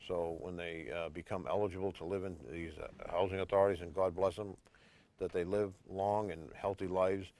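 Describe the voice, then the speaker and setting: A middle-aged man, a board chair, talking haltingly with many fillers in a TV interview. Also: deep voice, little pitch movement, a little mellow. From Revere, Massachusetts.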